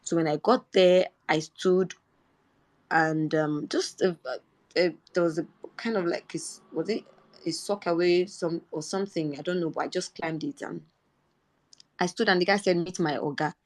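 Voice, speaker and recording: A woman's voice: lowish voice, normal speed. A young Nigerian woman with a Nigerian accent, telling a personal story in earnest in a live audio chat. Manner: earnest storytelling, rising indignation when quoting herself. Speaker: Twitter Space speaker.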